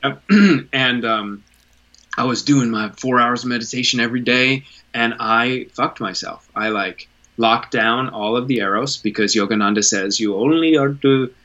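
A man's voice: medium pitch, moderate pace, pushed and bright, lo-fi sound. A man in his thirties, a podcast guest, telling his story in an earnest, candid way, swearing casually and often restarting his sentences.

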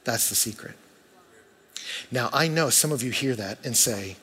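A man preaching a sermon to his church, talking conversationally and swinging between hushed and loud moments. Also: mid-range voice, normal speed. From United States. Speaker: pastor.

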